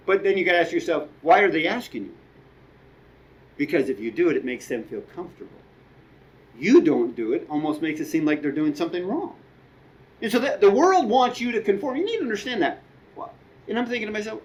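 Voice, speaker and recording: A man's voice: on the high side, sing-song, fast talker, poor audio. A middle-aged man preaching a sermon as a guest speaker, conversational, with asides and quoted dialogue.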